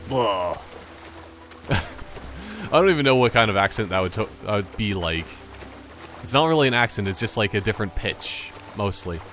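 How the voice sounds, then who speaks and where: A man's voice: on the low side, fairly bright tone. Rambling young man commenting on gameplay. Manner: rambling, jokey asides.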